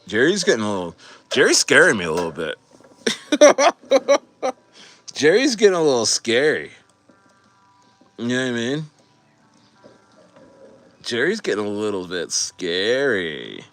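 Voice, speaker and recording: A man hosting a casual crypto livestream, rambling excitedly to his chat and laughing often. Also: mid-range voice, moderate pace, pauses often.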